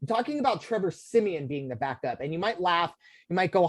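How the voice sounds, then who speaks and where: A man's voice: high voice, sing-song, a little fast, no room sound. Rambling American man on a podcast. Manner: rambling, filler-heavy, many restarts. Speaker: podcast co-host. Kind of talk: casual sports talk.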